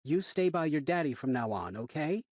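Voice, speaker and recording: Male narrator doing a kind woman dog walker, a touch higher, husky, dry. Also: very animated, moderate pace, darkish tone, dry recording. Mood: kindly.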